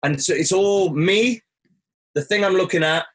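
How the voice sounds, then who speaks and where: Man, slightly high voice, breathy husky tone, earnest reflective storytelling, podcast guest. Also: normal speed. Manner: earnest, rises sharply when quoting himself.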